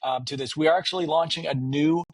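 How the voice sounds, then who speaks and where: A man hosting a podcast interview, enthusiastic and warm in praise, often repeating words as he starts a thought. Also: on the high side, steady tone, fast. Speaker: podcast host. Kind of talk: casual interview.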